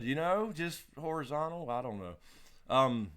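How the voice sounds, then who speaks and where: A man's voice: a little high, lively intonation, measured pace, pushed and bright, clean tone. A man co-hosting a casual live question-and-answer stream, laid-back, laughing often and swearing freely. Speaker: livestream co-host.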